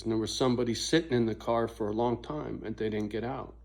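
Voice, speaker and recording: In a casual vlog, a middle-aged man with a fairly low, steady, slightly mellow voice tells a rambling story at a fast clip. He swears freely and keeps checking in with asides of "right?".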